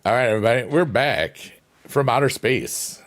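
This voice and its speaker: A man's voice: medium pitch, moderate pace. A man chatting casually while playing a mobile game, rambling and goofy, now and then breaking into silly sing-song. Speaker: gaming streamer.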